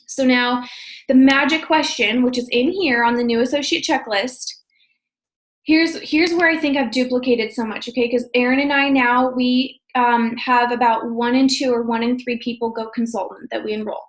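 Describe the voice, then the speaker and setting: Upbeat woman, high voice, casual team coaching, echoey room. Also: fairly even intonation. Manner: upbeat, talks fast with frequent "okay?" check-ins. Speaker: team leader training sales associates. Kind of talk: casual training talk.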